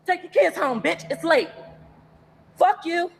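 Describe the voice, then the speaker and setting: A woman on a phone livestream from inside a fast-food restaurant, cursing and confronting someone in an angry rant. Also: extremely high pitch, gravelly. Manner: profane, confrontational, repetitive shouting. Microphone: phone held for a livestream.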